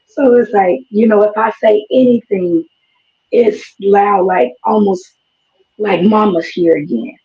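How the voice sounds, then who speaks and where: A hoarse woman with a gravelly, rough edge speaks hesitantly and keeps pausing to search for her words. The stream sound is dull and lo-fi. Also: mid-range voice, mellow. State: losing her voice. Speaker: caller. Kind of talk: casual call-in chat.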